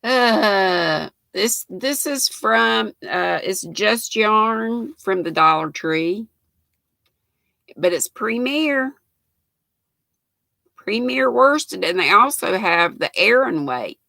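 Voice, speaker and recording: Reading chat comments on her livestream, this American woman in her 60s laughs often and talks casually with viewers. She speaks slowly but with hardly any pauses, in a medium-pitched, gravelly, bright, and forceful voice with lively intonation and no echo.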